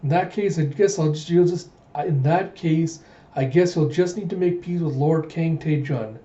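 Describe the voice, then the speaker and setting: A man voicing a spirited, sulky teenage princess, his pitch raised and lightly whiny. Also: moderate pace, warm tone, close to an everyday voice. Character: young princess, teen girl, spirited and sulky. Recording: dull roomy home recording.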